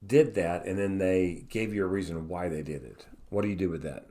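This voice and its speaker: Low-voiced earnest male co-host. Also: a little fast, mellow. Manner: earnest, reflective, addresses listeners as guys. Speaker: podcast co-host. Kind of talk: casual mentoring chat.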